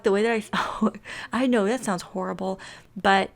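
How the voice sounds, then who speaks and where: A woman's voice: mid-range voice, fairly even intonation, normal speed, gravelly. Chatty, giggly woman narrating a game story. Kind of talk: casual let's-play storytelling.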